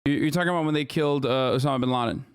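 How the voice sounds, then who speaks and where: A man's voice: medium pitch, very fast, clear, resonant tone. A man streaming reactions to news clips, ranting in a casual, profane, sarcastic way. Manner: profane, sarcastic, animated rants.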